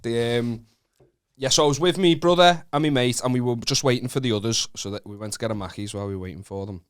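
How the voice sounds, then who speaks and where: A man's voice: medium pitch, fast, clean tone, dry recording. A young northern English man co-hosting a comedy podcast, telling a rambling, sweary anecdote. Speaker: podcast co-host. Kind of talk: casual comedy podcast chat.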